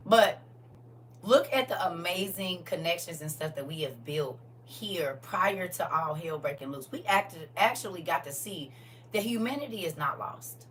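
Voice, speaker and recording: Animated woman chatting live to viewers. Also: lowish voice, a little slow. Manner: animated, swings from soft murmurs to loud excited exclamations. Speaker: livestream host. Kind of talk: casual livestream chat with viewers. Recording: distant mic with faint background hum.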